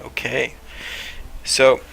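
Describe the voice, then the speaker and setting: A man's voice: extremely slow, noisy background. A man casually narrating as game master of a tabletop game on a stream. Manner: casual, laid-back narration with fillers. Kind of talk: running a tabletop game on a livestream.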